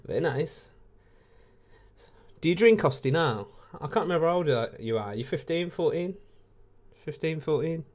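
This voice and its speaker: An English man in his late twenties hosts a casual live watch-along, chatting with viewers in a laid-back way and laughing often. His voice sits on the high side, expressive and a little mellow, and he talks slightly fast.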